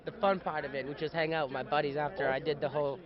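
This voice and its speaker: A young man, an actor being interviewed outdoors at a fan convention, chatting in an animated, playful way. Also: fairly high pitch, fast talker, crowd noise. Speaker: actor guest. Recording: dull lo-fi sound.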